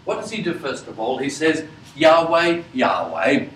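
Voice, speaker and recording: A man teaching a Bible class, asking his listeners questions and pausing often with fillers. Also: a little high, sing-song, roomy sound, far from the mic, slight background noise, rough recording. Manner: slow, questioning, many fillers.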